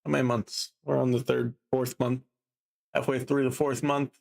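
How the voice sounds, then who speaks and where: A man streaming live and chatting casually, drowsy and a bit down, rambling slowly with lots of fillers. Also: medium pitch, flat delivery, vocal fry, darkish tone. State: sleepy and low in mood.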